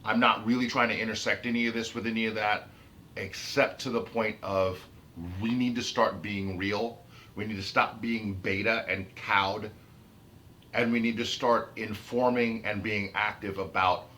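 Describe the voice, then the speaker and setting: Heated low-voiced man ranting. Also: a bit bright, a little hiss or hum. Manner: heated, repetitive, emphatic, restarting phrases. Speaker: autistic vlogger. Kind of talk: unscripted rant to camera.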